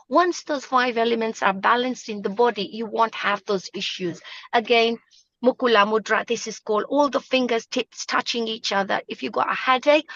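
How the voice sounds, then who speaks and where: A woman's voice: fairly high pitch, fairly bright tone, dry recording, muffled recording. A woman teaching yoga mudras on a live video call, emphatic and repeating her points. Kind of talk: live online talk show.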